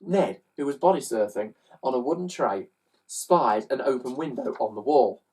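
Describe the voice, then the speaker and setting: A woman reading a children's story aloud in an animated way, throwing in sound effects. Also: rumbling low, normal speed, breathy edge, recorded from a distance.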